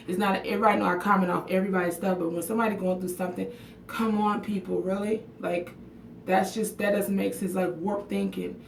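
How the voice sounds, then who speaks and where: A woman's voice: fairly low pitch, fairly even intonation, fairly quick, creaky, slight background noise. A woman chatting on a casual livestream from her bathroom, frank and emotional, swearing freely and answering viewers' comments by name. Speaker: livestream vlogger. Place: bathroom at home. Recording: echoey room audio picked up from a distance.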